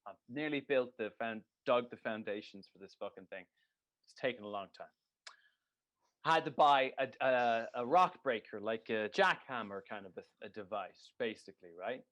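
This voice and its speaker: A man's voice: medium pitch, expressive, moderate pace, fairly bright tone. A man co-hosting a casual podcast chat, telling stories in a ranting, sweary way and laughing at himself. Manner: ranting, sweary, laughing at his own story. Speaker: podcast co-host. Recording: dull lo-fi podcast audio.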